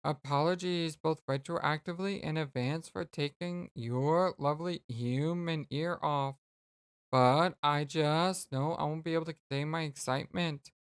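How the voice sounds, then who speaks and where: A let's play host voicing a gentle, polite young alien girl who speaks slowly and formally, reading game dialogue aloud. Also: mid-range voice, fairly even intonation, clear, resonant tone, dry recording, natural voice. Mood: earnest. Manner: slow, formal, careful speech.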